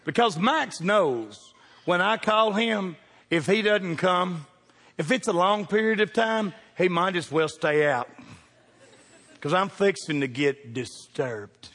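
A pastor tells a funny story from the pulpit, his voice pitched high for a man. He drops into quiet asides and then bursts out loud, playing to the congregation. His words ring out with a long reverb through a large church sanctuary. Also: takes it slowly. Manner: animated, jokey, jumps from hushed asides to loud calls. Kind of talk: humorous storytelling sermon.

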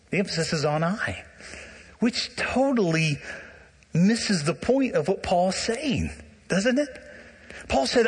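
An animated male preacher talks straight to his congregation. His voice sits a little high and carries a slightly husky edge. The long reverb of a church sanctuary trails after every phrase. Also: a little slow. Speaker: pastor. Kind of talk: sermon.

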